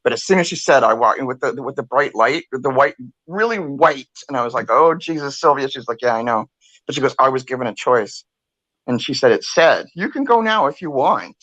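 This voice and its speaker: An older woman co-hosting a talk show, telling a story in a chatty, animated way, acting out what others said and swearing freely. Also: very deep voice, brisk, no echo. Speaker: podcast co-host. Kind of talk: casual storytelling.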